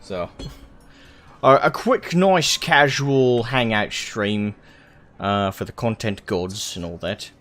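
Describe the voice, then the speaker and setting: Give me a male streamer with a low voice, casually chatting while playing a game. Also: takes it slowly, fairly bright tone. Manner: laid-back, chatty, mutters while playing. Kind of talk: casual gaming stream chat.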